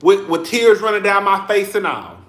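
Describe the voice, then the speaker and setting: A young man giving sassy, animated commentary straight to his viewers in a casual vlog, full of cussing. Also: high-pitched, normal speed, roomy sound. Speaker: vlogger. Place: home room.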